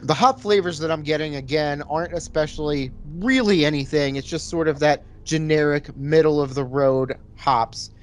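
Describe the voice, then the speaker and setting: A man's voice: a little high, moderate pace, hardly any pauses. Laid-back man reviewing a beer. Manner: laid-back, rambling description. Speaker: podcast co-host reviewing beer. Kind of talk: casual chat.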